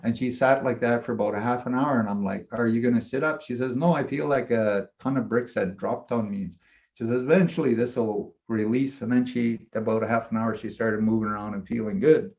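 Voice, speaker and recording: A man, a shaman and mentor, casually telling a long personal story in a rambling, animated way, often acting out what he said. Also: medium pitch, a little fast. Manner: rambling, animated retelling with frequent "I'm like".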